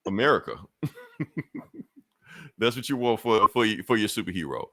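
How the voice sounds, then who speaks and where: A man's voice: lowish voice, animated, a little slow, bright, forceful tone, no room sound, clean studio sound. A man hosting a podcast, retelling a comic book issue in loose, profane, chuckling casual chat. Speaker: podcast host.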